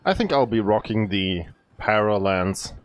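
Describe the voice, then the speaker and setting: A man hosting a let's play, giving relaxed commentary with mumbled asides. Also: fairly low pitch, measured pace, dry recording, faint music behind. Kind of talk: casual gameplay commentary.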